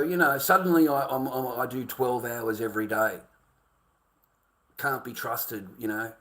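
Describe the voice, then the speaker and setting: A man's voice: medium pitch, bright, forceful tone. A middle-aged Australian man ranting to his livestream chat, swearing constantly and calling viewers mate and boys.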